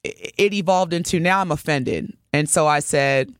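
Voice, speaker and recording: A middle-aged woman co-hosting a podcast, telling a story in a casual, expressive way and speaking straight to her listeners. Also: low voice, normal speed, clean tone, no room sound, clean studio sound. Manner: animated, expressive storyteller addressing listeners directly. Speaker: podcast co-host.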